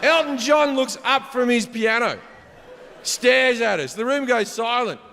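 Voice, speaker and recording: A man doing profane, animated stand-up storytelling, shouting his punchlines on a large theater stage. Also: extremely high pitch, measured pace, gravelly. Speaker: stand-up comedian. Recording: live hall reverb, faint crowd ambience.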